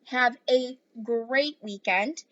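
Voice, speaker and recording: A woman's voice: on the high side, very slow, muffled recording. A woman teacher reading a children's novel aloud to her class, then giving the students a task. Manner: clear, steady read-aloud with classroom asides.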